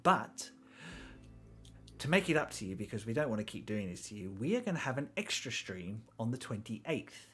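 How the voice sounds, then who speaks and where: A man's voice: medium pitch, sing-song, normal speed, fairly bright tone, soft background music. A man acting as game master on a tabletop game stream, narrating and wrapping up the episode with news for viewers.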